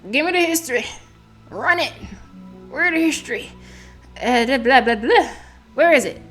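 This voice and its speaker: A woman hosting a let's play, giggly and self-mocking as she comments on the game. Her voice sits on the higher side. Faint game music plays underneath. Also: animated, moderate pace, pauses often, fairly bright tone. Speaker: gaming video host.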